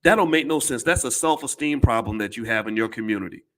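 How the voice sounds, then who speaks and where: A man's voice: medium pitch, animated, quick pace, fairly bright tone. Blunt, emphatic man on camera. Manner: blunt, emphatic, profane, often repeats and restarts words. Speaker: commentator addressing his audience. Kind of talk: casual commentary to camera.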